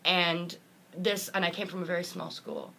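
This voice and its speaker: A woman's voice: fairly low pitch, fairly even intonation, normal speed, gravelly, bright, forceful tone, slight background noise. A woman motivational speaker, earnest and heartfelt, telling a personal story in an interview and acting out the voices of the people in it.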